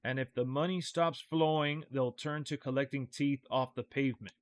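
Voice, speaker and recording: A man's voice: medium pitch, steady tone, moderate pace, no room sound, close to an everyday voice. A man reading out a game's dialogue as a tough, hard-boiled male hero, in clipped lines. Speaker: streamer reading game dialogue aloud. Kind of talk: reading game text aloud in character.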